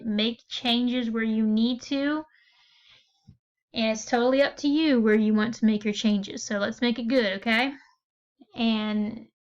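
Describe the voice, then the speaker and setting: A woman teacher walks her class through a writing lesson in a patient, step-by-step way, checking in often to make sure they follow. Her voice sits a little high. The recording is somewhat dull and lo-fi.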